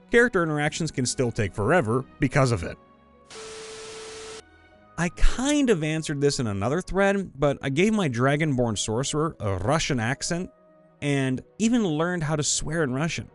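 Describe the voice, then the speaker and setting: A man narrating viewer stories in a scripted voice-over, reading lively and sometimes slipping into put-on voices. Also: medium pitch, normal speed. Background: faint background music.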